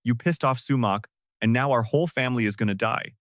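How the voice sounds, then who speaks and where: A man's voice: medium pitch, quick pace, a bit bright, no echo, studio quality, natural voice. A man voicing a desperate wife who accuses her husband through tears. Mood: anguished. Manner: tearful, accusing. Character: desperate wife turned attacker, woman.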